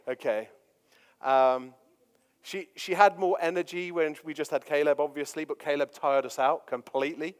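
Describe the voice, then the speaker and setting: Joking pastor in a hall. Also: male voice, a little high, steady tone, moderate pace, clean tone. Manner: jokey, anecdotal, lots of fillers. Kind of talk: sermon with personal stories. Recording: long reverb of a large hall.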